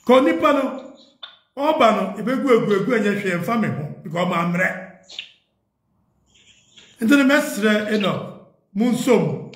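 Ghanaian guy pleading hard w party folks, kinda high voice, echoey room. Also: lively intonation, unhurried, long pauses, fairly bright tone. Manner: earnest, pleading, repetitive. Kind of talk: impassioned appeal, Twi mixed with English.

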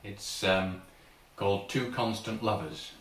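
A man's voice: fairly low pitch, slow pace. A man in a folk session, introducing his next song in a friendly, informal way and inviting listeners at home to join in. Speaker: folk singer. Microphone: smartphone. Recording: roomy phone recording from a distance.

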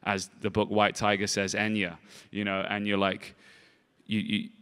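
A man answering interview questions in a rambling, halting way, repeating words and filling gaps with "you know". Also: on the low side, completely flat delivery, a bit bright, clean tone. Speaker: film director and actor, interview guest. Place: festival stage in a large hall. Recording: long reverb of a large hall.

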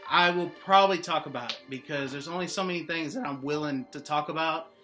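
A man's voice: on the high side, fairly quick, sharp tone, soft background music. A young man talking casually to the camera, joking and rambling with lots of "like" and "y'all". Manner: rambling, joking, heavy use of "like". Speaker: vlogger. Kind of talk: casual monologue.

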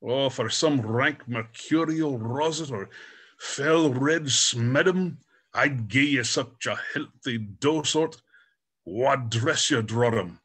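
Chaplain reading old Scots verse over a video call, put-on Scottish lilt, unhurried. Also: male voice, medium pitch, fairly bright tone, husky. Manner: slow, deliberate reading. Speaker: Grand Chaplain reciting poetry. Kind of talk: poetry recitation in Scots.

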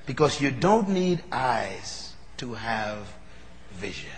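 A man's voice: big pitch swings, crowd noise. Man preaching in a large hall. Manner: builds from low, measured talk to loud, fervent preaching. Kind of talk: sermon. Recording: long reverb of a large hall.

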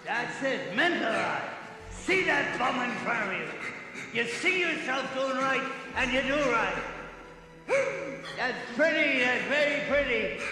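Older trainer: gravelly, blunt, streetwise; roomy film audio, score beneath. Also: male voice, on the high side, a bit bright. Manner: street slang, rough and blunt. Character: gruff old male boxing trainer, devoted mentor. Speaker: boxing trainer. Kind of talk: film drama acting. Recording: echoey room with score music.

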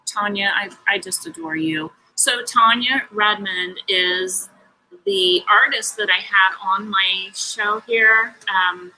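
A woman hosting a craft show talks in a bright, forceful voice. Her chat to viewers is casual and heartfelt, and she rambles with emotion. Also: medium pitch, slight background noise, poor audio. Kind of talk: casual live-stream chat.

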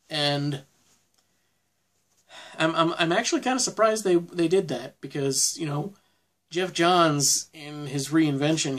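A man giving a casual spoken film review, rambling with frequent restarts and fillers. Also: fairly high pitch.

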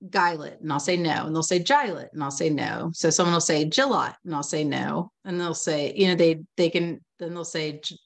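A woman's voice: sits low, fairly quick, hardly any pauses. Chatty woman on a video call. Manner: chatty, lots of "you know" and "like", animated storytelling. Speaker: reading instruction expert. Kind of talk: casual webinar conversation.

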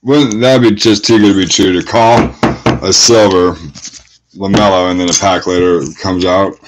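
A man's voice: low-pitched, steady tone, moderate pace, noisy background. A man hosting a trading card break, calling out each card and greeting viewers, getting hyped at big pulls. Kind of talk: live card-breaking commentary.

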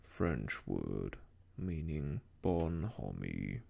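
Eeyore, a man voicing a gloomy old donkey in a gravelly whispered role-play. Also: rumbling low, big pitch swings, darkish tone, pitched below the performer's own voice, exaggerated voice. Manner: slow, mournful, self-pitying sighs.

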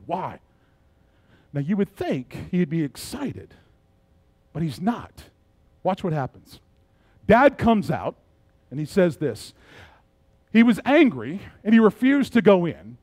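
High-voiced preaching pastor. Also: male voice, no room sound. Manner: dynamic, swings from soft and low to loud and emphatic. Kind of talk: sermon.

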